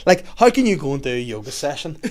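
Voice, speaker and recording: Fast-talking Northern Irish man. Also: on the high side. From Northern Ireland. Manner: animated storytelling, heavy swearing. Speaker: podcast host. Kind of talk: casual podcast chat.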